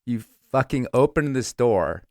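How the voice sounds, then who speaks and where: A man's voice: medium pitch, animated, a little slow, no echo, studio quality. A man hosting a podcast, chatting casually and emphatically, with the odd swear word. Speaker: podcast host. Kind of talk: casual interview chat.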